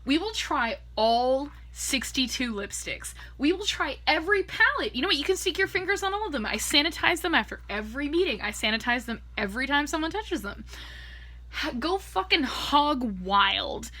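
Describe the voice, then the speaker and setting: A woman's voice: sits high, sing-song, normal speed, bright, forceful tone. A tipsy young woman, a makeup artist, telling a rambling, profane story in a casual way and laughing often. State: tipsy from drinking.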